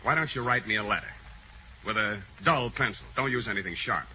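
1940s radio comedy: a wry, weary radio detective, dry deadpan delivery, very bright voice, dull old broadcast sound. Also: male voice, lowish voice, brisk. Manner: dry, deadpan storytelling with hesitations. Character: wry, tired man who plays a radio detective. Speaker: radio actor playing a detective.

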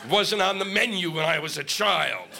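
A man doing a stand-up comedy set on stage, ranting and swearing with shouted bursts. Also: high voice, animated, normal speed, vocal fry, crowd noise. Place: comedy stage before a live audience. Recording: live stage mic with noisy audience.

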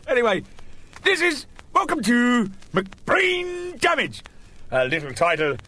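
A man's voice: very high voice, very animated, slow pace, bright, forceful tone. A middle-aged man, hosting a comic radio segment in a rambling, joking, self-mocking way. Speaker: host.

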